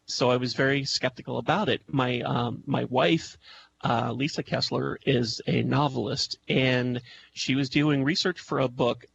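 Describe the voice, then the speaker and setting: A man with a heavily gravelly, creaky voice tells a story as a radio guest. He hesitates, restarts and fills gaps with ums. The call line is dull and lo-fi with a faint hiss behind him. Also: medium pitch, fairly bright tone. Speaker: guest, music intuitive. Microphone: Skype call.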